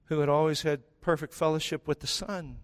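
A male pastor preaching a sermon with emphatic delivery, dramatic pauses and quiet, intense stretches. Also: on the high side, fairly even intonation.

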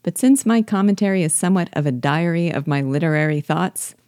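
Low-voiced woman musing on a novel. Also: fairly quick, a little mellow, no echo, studio quality. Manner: thoughtful, wry, reads book passages aloud. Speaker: host guiding listeners through a novel. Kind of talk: literary commentary podcast.

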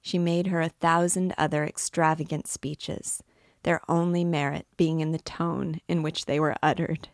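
A woman teacher reading a classic novel aloud in a measured, expressive narrating voice. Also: sits low, no room sound, clean studio sound. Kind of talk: audiobook-style novel reading.

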